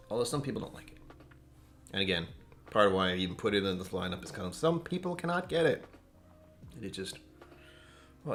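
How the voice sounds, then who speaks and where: A man hosting a casual whiskey tasting live stream from home, rambling and joking as he chats with viewers. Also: fairly low pitch. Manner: rambling, joking, self-interrupting. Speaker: whiskey channel host.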